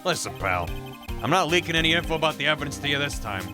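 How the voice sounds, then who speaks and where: A man voicing a gruff, scruffy, broke male police detective who calls people pal, over game music. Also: a little high, big pitch swings, quick pace. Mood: grumbling.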